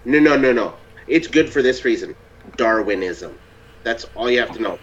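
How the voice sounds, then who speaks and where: A man's voice: mid-range voice, animated, normal speed, dull audio, slight background noise. A man hosting a casual group chat show, loose and swearing freely, laughing often. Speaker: podcast host.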